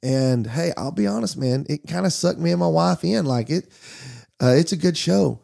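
A man's voice: fairly high pitch, lively intonation, moderate pace, gravelly, darkish tone. A man, a pastor hosting the talk, speaking candidly and easily in casual conversation. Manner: easygoing, candid, storytelling. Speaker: pastor and podcast host. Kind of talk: casual chat.

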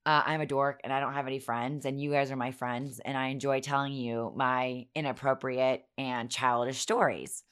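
Hoarse, giggly low-voiced woman. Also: moderate pace, few pauses. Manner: giggly, self-mocking, animated. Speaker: podcast host. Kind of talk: casual chatty storytelling.

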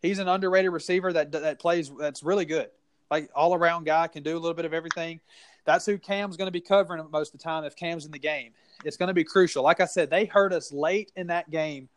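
A man's voice: on the high side, fairly even intonation, fast talker, no echo. A man with a Southern US accent co-hosting a casual sports podcast, rambling and heated with many restarts.

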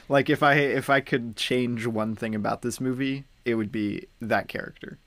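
A man co-hosting a casual film discussion, animated, laughing often and using lots of fillers. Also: mid-range voice, normal speed, no echo. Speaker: podcast co-host.

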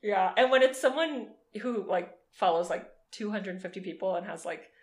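A woman's voice: mid-range voice, moderate pace. A woman co-hosting a podcast, chatting casually with a mid-range voice. She talks freely, laughs often and swears without a second thought. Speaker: podcast co-host. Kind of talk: casual chat. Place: New York.

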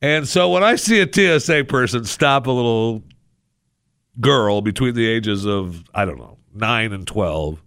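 A male radio host ranting sarcastically in a talk show monologue, with loud exasperated bursts. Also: mid-range voice, expressive, unhurried, clean tone, no echo, clean studio sound.

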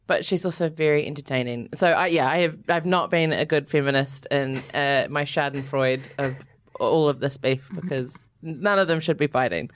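A woman's voice: sits low, normal speed, hardly any pauses. A woman co-hosting a podcast, chatting casually and laughing often as she tells a story. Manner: chatty, laughs often, animated when amused. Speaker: podcast co-host. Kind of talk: casual chat.

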